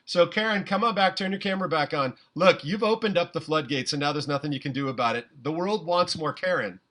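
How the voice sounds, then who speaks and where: A man's voice: on the high side, brisk, a bit bright. A man hosting an online improv show over a video call, cheering performers on with big energy. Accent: put-on Georgia drawl in scene. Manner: exuberant, cheering.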